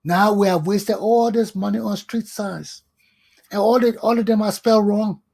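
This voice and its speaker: Husky, fiery talk show ranter. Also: mid-range voice, steady tone, moderate pace, a little mellow. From Liberia. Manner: fiery, scolding, repetitive ranting. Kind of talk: impassioned political monologue.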